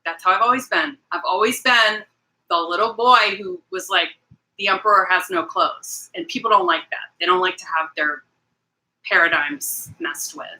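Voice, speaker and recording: A woman's voice: lowish voice, moderate pace, bright, forceful tone, low-quality recording. A woman hosting a casual livestream, talking straight to her viewers in a rambling, emphatic way and greeting people in the chat. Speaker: livestream host.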